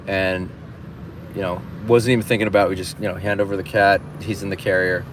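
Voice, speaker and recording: A man hosting a livestream, telling a story in an animated, restless way, with lots of restarts and some swearing. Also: deep voice, fairly quick, slight background noise. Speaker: livestream host. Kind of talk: casual storytelling.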